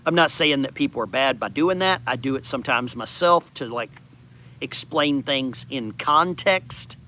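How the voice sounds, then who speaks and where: A man's voice: medium pitch, lively intonation, moderate pace, pushed and bright. A man in his fifties from the United States, hosting a casual backyard chat and rambling through answers to viewer comments. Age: 50s. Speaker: channel host. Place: outdoors in a backyard.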